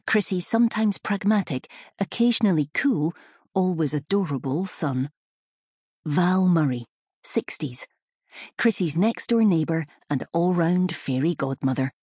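A woman narrating a novel in a measured storytelling manner, close to the mic. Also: deep voice, darkish tone, breathy edge, no echo. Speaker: audiobook narrator. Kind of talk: scripted narration.

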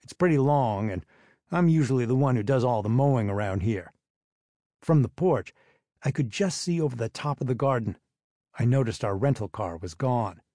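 Mellow-voiced man narrating an audiobook. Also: medium pitch, animated, normal speed, dry recording, clean studio sound. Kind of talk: first-person audiobook narration.

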